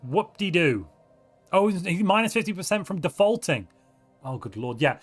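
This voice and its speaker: A man casting a live strategy game tournament stream, commenting on players and reading chat aloud with excitable asides. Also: sits high, moderate pace, faint music behind. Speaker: tournament caster.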